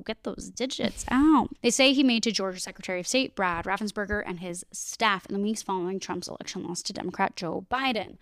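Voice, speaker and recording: A young woman co-hosting a podcast in a casual, chatty way, filling her sentences with "like" and tossing in sarcastic remarks as she reads the news. Her voice is smooth and clear. The sound is close and dry. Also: mid-range voice, dry recording. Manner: chatty, sarcastic asides, heavy "like" filler. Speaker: podcast co-host.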